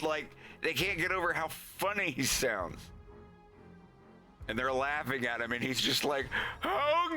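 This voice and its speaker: A man casually retells a story scene on stream, full of fillers and giggles. He talks slowly, with a bright, sharp tone, and faint music plays behind him. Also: mid-range voice. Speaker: streamer narrating his animation script.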